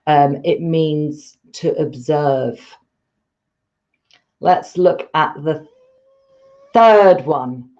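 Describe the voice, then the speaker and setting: A woman's voice: low voice, extremely slow, long pauses, a little mellow, lo-fi sound. A woman teaching a live online English lesson, patient and encouraging as she explains step by step.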